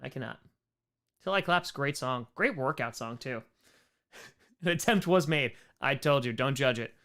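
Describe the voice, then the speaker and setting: A man with a strained, hoarse voice, reading viewer questions aloud and joking at his own expense in a casual livestream Q&A. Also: medium pitch, measured pace. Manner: animated, reads chat aloud, self-mocking jokes. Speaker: streamer answering viewer questions.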